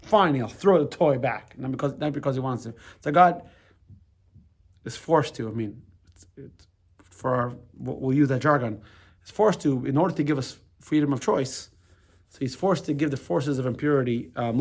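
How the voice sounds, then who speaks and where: This medium-pitched, husky male voice comes from a middle-aged rabbi in the United States teaching a casual class. He talks conversationally, restarting his sentences, repeating words, and asking the room "right?"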